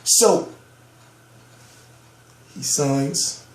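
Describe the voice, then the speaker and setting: A man's voice: on the high side, very slow. Fired-up ranting man, echoey room. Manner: heated, profane, emphatic. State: amped up on soda. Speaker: boxing news commentator. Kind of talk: ranting vlog commentary.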